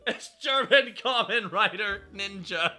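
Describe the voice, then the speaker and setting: A man hosting a stream, casual and excitable, swearing a lot and laughing often. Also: sits high, a little slow, music in the background. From Canada. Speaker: streamer host.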